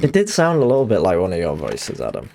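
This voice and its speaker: A man's voice: low-pitched, wildly swooping pitch, fast, creaky, noisy background. A young man, chatting casually while streaming a game and telling rambling stories. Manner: rambling storyteller, acts out quotes. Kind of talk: casual chat while gaming.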